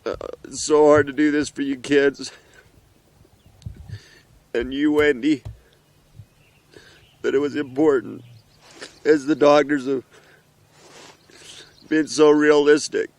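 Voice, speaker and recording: A middle-aged father, emotional and earnest, speaking haltingly outdoors in the mountains in a heartfelt message to his children. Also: a little high, steady tone, a little mellow. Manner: earnest, halting, with pauses and restarts.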